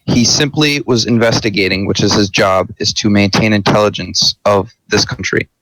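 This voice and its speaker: A man's voice: fairly low pitch, fairly even intonation, moderate pace, fairly bright tone, no room sound, rough recording. A man playing an attorney general in a mock senate debate, speaking firmly and insistently. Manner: firm, insistent, defending a nominee. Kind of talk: role-played parliamentary debate.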